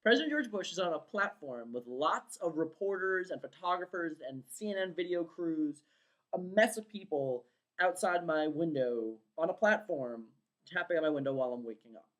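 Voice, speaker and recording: A woman telling a long dream story in a casual vlog, rambling with lots of fillers and excited quoted outbursts. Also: lowish voice, normal speed, highs cut off. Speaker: vlogger.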